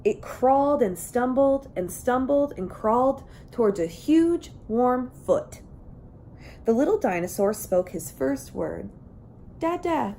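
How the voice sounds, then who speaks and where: A woman's voice: fairly high pitch, animated, takes it slowly, dark tone, a little hiss or hum. A woman reading a children's picture book aloud, telling the story expressively and acting out the characters. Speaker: reader.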